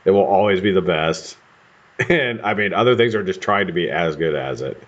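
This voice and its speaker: A man's voice: low voice, animated, normal speed. An American man hosting a live stream, chatting casually and rambling with casual swearing while he builds coils. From United States. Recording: dull lo-fi stream audio.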